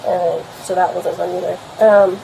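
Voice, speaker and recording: A woman's voice: on the low side, flat delivery, moderate pace, vocal fry, warm tone, a little hiss or hum, low-quality recording. A young woman rambling through an account of a fight for the police, swearing often and filling her talk with fillers, recorded on a body camera at a house. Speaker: complainant speaking to police.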